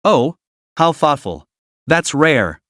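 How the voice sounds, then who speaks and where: A man's voice: on the high side, sing-song, slow pace, fairly bright tone, no echo, studio quality, full character voice. A man narrating a story while voicing an exasperated woman doctor who complains.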